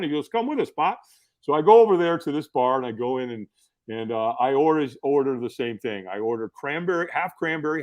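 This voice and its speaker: A middle-aged man telling stories as a podcast guest, in a casual, animated way full of fillers and restarts. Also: mid-range voice. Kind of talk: casual storytelling.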